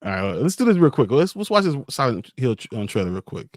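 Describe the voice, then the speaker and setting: A man in his thirties, co-hosting a casual chat show, laid-back and quick to laugh as he reads out viewer comments. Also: mid-range voice, big pitch swings, dry recording, studio quality. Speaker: co-host.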